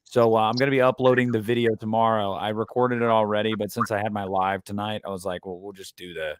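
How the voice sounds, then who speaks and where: A man's voice: on the low side, flat delivery, fast talker, dry recording. A man hosting a livestream in casual chat, rambling with many fillers and restarts. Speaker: livestream host.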